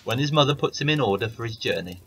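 A man's voice: medium pitch, expressive, fast, fairly bright tone, slight background noise. A man voicing an anxious king in a storybook reading, his voice raised and hasty.

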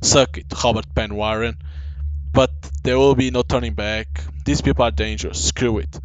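A man voicing a hard-drinking, struggling male writer who talks gruffly and curses a lot. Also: medium pitch, steady tone, moderate pace, no room sound, close to an everyday voice, poor audio. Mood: scheming. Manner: reads game dialogue aloud, gruff and cursing.

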